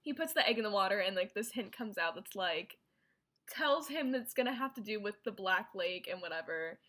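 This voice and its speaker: Woman w a bright voice just chatting thru a movie plot, says like a ton. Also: medium pitch, animated, fairly quick. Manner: rambling, filler-heavy storytelling with many "like"s. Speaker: co-host presenting a movie recap. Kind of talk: casual chat.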